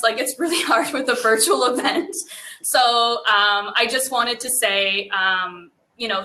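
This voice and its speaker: A woman's voice: mid-range voice, bright, forceful tone. A woman with a Canadian accent giving an earnest, unscripted speech at a virtual event, speaking eagerly with many ums. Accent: Canadian English. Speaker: grant presenter and business owner.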